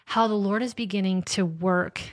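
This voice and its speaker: A woman author and podcast host in casual faith conversation, chatty and animated, acting out her talks with God in little asides. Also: mid-range voice, normal speed, no room sound.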